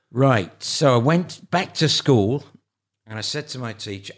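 An older man with a London accent, an interview guest telling stories in a casual, animated way, with many restarts and stammered repeats. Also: medium pitch, unhurried. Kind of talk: casual anecdotal storytelling.

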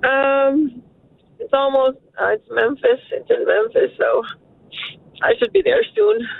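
A woman's voice: sits high, sing-song, a little slow, creaky. A woman calling a radio show by phone from her car, emotional and grateful. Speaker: caller. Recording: tinny phone line.

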